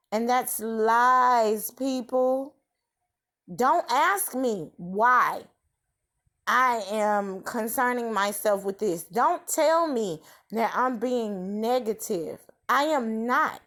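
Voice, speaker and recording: A woman commenting on another creator's video in a deliberate, preachy way. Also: a little high.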